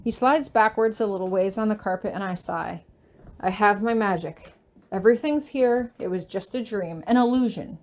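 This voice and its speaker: A woman reading a first-person fanfiction story aloud, with emotional, expressive delivery. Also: mid-range voice, moderate pace. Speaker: audiobook reader.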